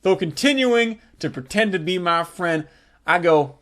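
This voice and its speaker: A man telling a crude, profane comic story with animated energy. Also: high-pitched, a little slow. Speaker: comedic storyteller.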